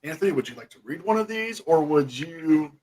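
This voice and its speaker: A man's voice: on the high side, lively intonation, fairly quick, darkish tone, low-quality recording. A man hosting a casual chat, reading out news headlines playfully. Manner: playful, reads headlines aloud. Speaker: host.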